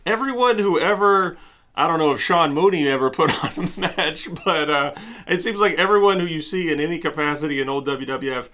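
A man co-hosting a casual podcast, joking, cursing lightly and tossing in quick asides. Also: fairly high pitch, a bit bright. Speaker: podcast co-host.

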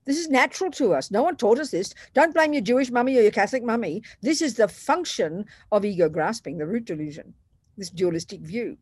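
A woman teaching Buddhist ideas in a conversational dharma talk, animated and self-deprecating, slipping into other people's voices to make her points. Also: medium pitch, fairly quick, husky, no echo. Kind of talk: dharma talk to a retreat group.

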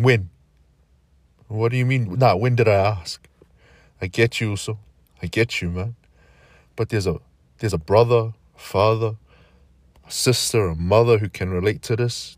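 A man's voice: lowish voice, dry recording. A middle-aged man delivering a reflective spoken-word monologue, earnest and declamatory, slipping in casual slang asides.

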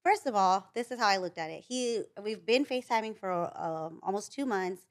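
A woman's voice: mid-range voice, expressive, brisk. A young woman telling a dating story in casual chat, rambling with lots of likes and restarts. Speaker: guest.

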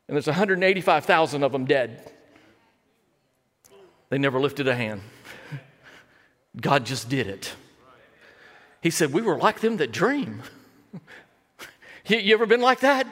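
Male pastor, sermon, high voice, in a long-reverb church hall. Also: big pitch swings, a little slow, long pauses, fairly bright tone. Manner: builds to impassioned, higher-pitched delivery when retelling. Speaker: preacher.

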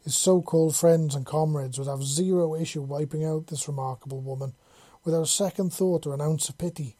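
A narrator reading a chapter of fan fiction aloud with steady, even pacing. The voice is very dark and mellow, and the recording is dry and close with no room sound. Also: mid-range voice, a little fast, no echo. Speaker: audiobook narrator.

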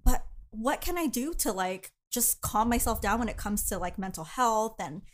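A woman's voice: a little high, expressive, normal speed. Uncertain woman asking questions. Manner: questioning, uncertain, many fillers. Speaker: co-host. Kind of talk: casual chat.

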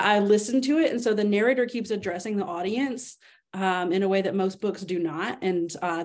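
Medium pitched woman, guest on a library podcast, steady plain book summary. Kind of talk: casual book talk.

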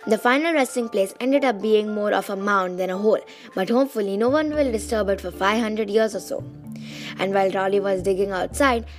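A young woman who has lost her voice reads a children's diary book aloud in a casual, chatty way, with small restarts. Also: mid-range voice. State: losing her voice. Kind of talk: casual storybook reading.

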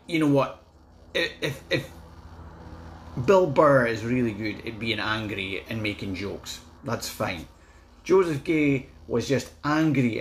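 A young Scottish man, a vlogger reviewing a comedy special in an angry, heavily sweary rant. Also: mid-range voice. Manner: angry, sweary, animated ranting. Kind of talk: ranting review.

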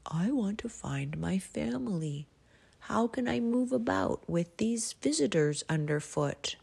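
Brief: woman reading as a calm, patient bull musk ox, slow, low and gravelly. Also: full character voice. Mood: restless. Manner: calm, measured, laying down rules. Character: big gentle male musk ox, patient host.

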